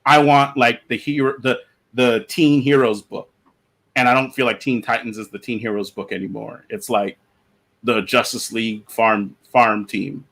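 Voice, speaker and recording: A man's voice: medium pitch, steady tone, moderate pace, vocal fry, a bit bright. A man chatting on a comics podcast panel over an online call, rambling with lots of fillers and restarts. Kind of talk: casual panel discussion.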